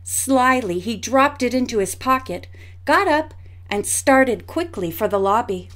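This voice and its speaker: A woman narrating a mystery audiobook in a clear, measured storytelling voice. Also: fairly high pitch, expressive, fairly bright tone.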